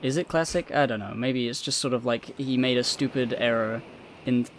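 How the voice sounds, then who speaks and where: A man's voice: medium pitch, steady tone, normal speed, slight background noise. A man co-hosting a podcast, rambling casually about a manga chapter with plenty of filler words. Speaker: podcast co-host.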